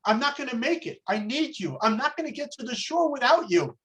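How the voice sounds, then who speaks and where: A man's voice: very high voice, sing-song, brisk, fairly bright tone, distant mic, pitched above the performer's own voice, full character voice. Brief: raised, strained voice of a drowning man begging for help, put on by a man telling a joke. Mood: pleading. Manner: pleading, then breezily dismissive. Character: desperate drowning man pleading with God.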